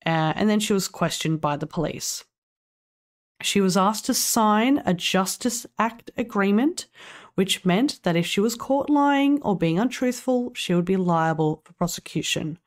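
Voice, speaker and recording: A woman's voice: medium pitch, expressive, a little slow. A woman co-hosting a podcast, casually telling a story, swearing now and then and laughing along. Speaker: podcast co-host.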